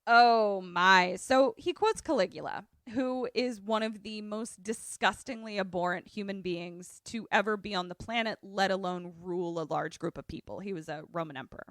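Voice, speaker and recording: A woman co-hosting a podcast, recapping a film with lively, loose storytelling and acted-out quotes. She swears freely and speaks at a medium pitch. The sound is dry and close. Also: normal speed, hardly any pauses, no echo. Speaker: podcast co-host. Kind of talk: casual movie recap chat.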